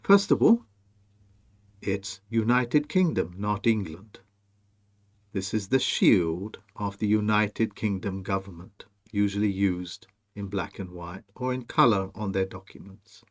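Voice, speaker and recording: A man presenting a monologue over on-screen images, slow, emphatic and commanding as he speaks straight to the viewer. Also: lowish voice. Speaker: video presenter.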